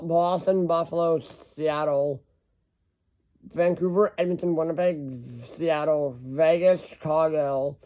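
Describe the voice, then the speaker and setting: A man talks casually on his own, rambling and correcting himself as he reads through long lists. His voice sits a little high and sounds smooth and clear. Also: a little mellow. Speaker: hockey fan ranking team schedules. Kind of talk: casual solo commentary.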